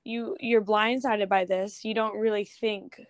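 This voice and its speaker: A young woman, a guest photographer, talking casually in an interview, chatty with quick asides and restarts. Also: medium pitch, steady tone, dry recording.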